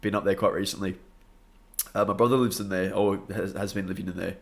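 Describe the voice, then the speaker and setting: A man's voice: low-pitched, level tone, brisk, vocal fry. A young Australian man chatting upbeat on a late-night live stream, greeting viewers by name and laughing often, a bit tired. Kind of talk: casual live stream chat.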